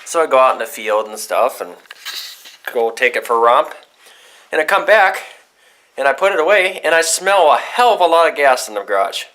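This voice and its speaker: A young man vlogging casually, telling a rambling, profane story about his day with excitable outbursts. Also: medium pitch, low-quality recording.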